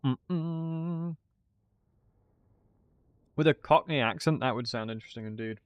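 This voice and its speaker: A man's voice: mid-range voice, fast, no room sound, lo-fi sound. A man giving casual commentary while playing a strategy game, chatting and thinking aloud. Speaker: gaming streamer.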